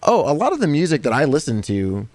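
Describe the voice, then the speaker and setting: A man's voice: on the high side, fast talker, no echo. A middle-aged man, a worship leader, chatting casually and animatedly with lots of "dude" and "like.". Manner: relaxed, animated, says "dude" and "like" a lot. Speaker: worship leader and music teacher. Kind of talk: casual conversational chat.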